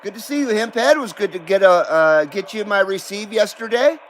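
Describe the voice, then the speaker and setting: A man's voice: high voice, animated, a little fast, fairly bright tone, slight background noise, rough recording. A man hosting a live radio-hobby stream, chatting casually and swearing freely as he greets viewers by name. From Southern California. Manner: laid-back, profane, greets viewers by name. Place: home in Carson City.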